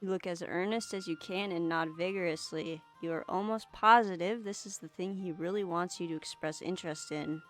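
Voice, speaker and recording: A woman's voice: fairly low pitch, fairly quick, few pauses, a bit bright, faint music behind. A woman hosting a let's play, reading a visual novel aloud and adding wry, dry asides.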